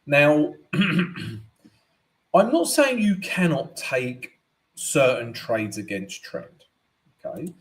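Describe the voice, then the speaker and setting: A man's voice: on the high side, sing-song, very slow, long pauses. A man hosting a live forex analysis stream, chatty and tagging most points with "right?". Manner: chatty, keeps adding "right?". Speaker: forex trading host.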